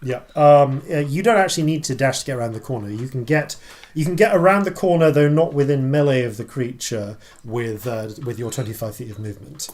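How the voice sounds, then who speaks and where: A man runs a tabletop game as dungeon master, talking at an ordinary middle pitch. He works through the rules out loud, stopping and restarting often. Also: fairly quick. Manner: explains rules at length with many ums and restarts.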